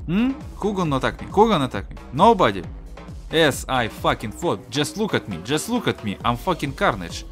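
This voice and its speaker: A man with a Russian accent giving excitable, profane gameplay commentary. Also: fairly high pitch, normal speed. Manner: excitable, profane trash talk. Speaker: gaming YouTuber. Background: game music.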